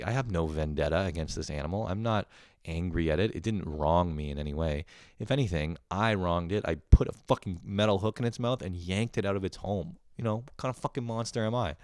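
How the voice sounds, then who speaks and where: In a clean studio recording with no room sound, a young man with a lowish, smooth voice hosts a podcast monologue. He rambles through a profane story, swearing freely and laughing at his own tales.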